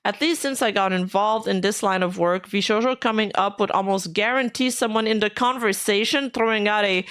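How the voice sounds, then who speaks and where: A woman's voice: mid-range voice, normal speed, few pauses, a bit bright, clean tone. A woman streamer giving casual commentary while reading out posts, skeptical and frustrated, speaking bluntly and swearing now and then.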